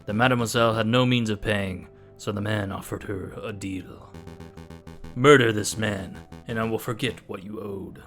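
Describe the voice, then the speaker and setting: A man's voice: lowish voice, fairly even intonation, moderate pace, fairly bright tone, soft background music, close to an everyday voice. A man voicing a cunning male fox who poses as a prince, talking in a suave, theatrical way with a put-on Spanish accent. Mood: confiding.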